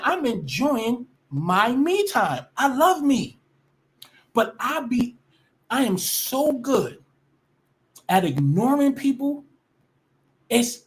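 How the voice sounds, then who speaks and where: A woman ranting casually to her viewers, blunt and profane, often restarting her sentences. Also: fairly high pitch. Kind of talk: casual rant to camera.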